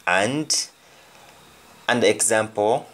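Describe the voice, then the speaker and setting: A man teaching a language lesson, repeating each example phrase deliberately. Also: lowish voice, a bit bright.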